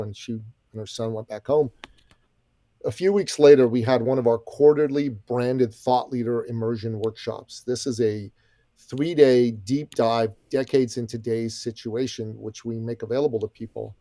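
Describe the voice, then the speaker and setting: A man's voice: mid-range voice, fairly even intonation, normal speed, dark tone, dry recording. A middle-aged man guesting on a podcast, telling a story with energy, emphasis and folksy asides. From Iranian background. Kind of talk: animated storytelling.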